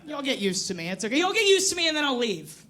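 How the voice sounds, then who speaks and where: A woman's voice: high voice, big pitch swings, fast, pushed and bright. A woman in her forties doing a brash, profane stand-up comedy set on a comedy club stage, teasing the crowd. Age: 40s.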